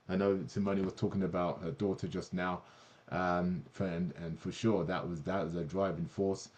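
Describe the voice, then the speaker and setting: A man's voice: low-pitched, darkish tone. A man hosting an online product presentation, talking enthusiastically with many fillers and restarts.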